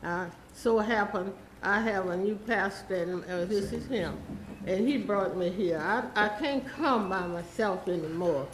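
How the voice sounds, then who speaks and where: A woman's voice: mid-range voice, unhurried, reverberant, slight background noise, poor audio. A woman, rambling and pleading through a public comment at a city council meeting. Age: 80s.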